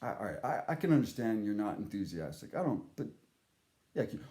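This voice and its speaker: Animated, profane male storyteller in an echoey room. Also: on the low side, fairly quick. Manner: animated, profane, acts out voices he quotes. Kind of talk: casual storytelling monologue.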